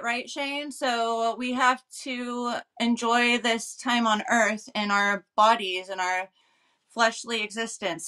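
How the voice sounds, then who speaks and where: A woman's voice: fairly high pitch, bright, forceful tone, clean tone. A woman with a Californian accent, co-hosting a casual live-stream chat and laughing between her phrases. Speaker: co-host.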